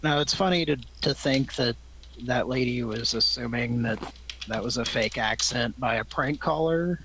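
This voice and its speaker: A man's voice: medium pitch, moderate pace, noisy background. A man hosting a live comedy show, talking in a wry, amused, rambling way. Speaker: host. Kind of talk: casual banter on a live show.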